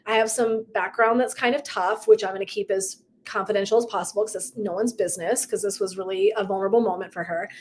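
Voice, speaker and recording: A woman's voice: mid-range voice, fairly even intonation, quick pace, few pauses. A middle-aged woman coach talking casually and emphatically to her viewers, with asides and tangents. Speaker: purpose and legacy coach. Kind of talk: casual motivational talk to viewers.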